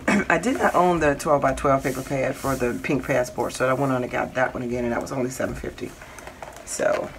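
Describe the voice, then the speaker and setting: A woman's voice: extremely low pitch, gravelly, noisy background. A middle-aged woman hosting a casual crafting haul vlog, chatting in a rambling way and listing her finds with lots of fillers. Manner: chatty, rambling, lists items with many fillers. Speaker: crafting channel host.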